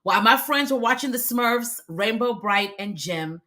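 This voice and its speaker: An emphatic American woman in her forties coaches viewers on a live stream and answers their comments as she goes. Her pitch swings widely and her tone is bright and forward. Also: lively intonation, moderate pace. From United States. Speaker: video visibility coach.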